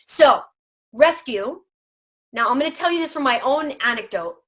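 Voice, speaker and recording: A woman's voice: sits high, animated, fast, pushed and bright. A woman speaking for a dog food company in a casual video chat, emphatic, humorous and persuasive.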